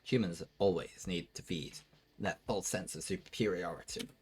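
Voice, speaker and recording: A man voicing a scheming male animal mentor in a game, lecturing in a lowered, sly voice. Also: moderate pace, husky.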